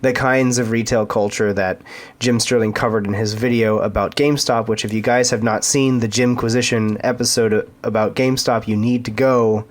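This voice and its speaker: A man's voice: medium pitch, fairly even intonation, normal speed. Earnest, stammering podcast co-host man. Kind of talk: casual chat.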